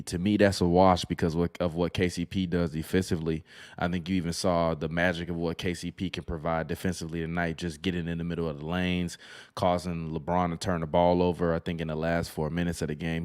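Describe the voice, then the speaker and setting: A man with a raspy voice hosting a live basketball podcast, breaking down matchups in casual talk. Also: low voice. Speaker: podcast host.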